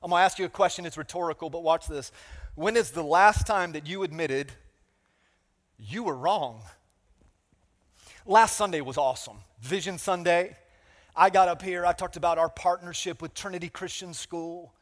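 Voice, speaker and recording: Animated pastor in a big hall. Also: male voice, fairly high pitch, normal speed. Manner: animated, self-mocking storytelling with crowd call-outs. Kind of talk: storytelling sermon. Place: large church hall. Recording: reverberant church hall.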